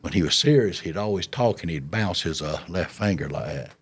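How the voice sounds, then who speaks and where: Man, low voice, folksy storyteller, drawling, chuckles as he talks. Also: lively intonation, fairly quick, husky. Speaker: interview guest recounting his past. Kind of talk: storytelling in an interview.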